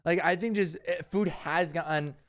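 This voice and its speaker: A young man co-hosting a casual podcast chat, joking and animated. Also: fairly high pitch, moderate pace. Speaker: podcast co-host.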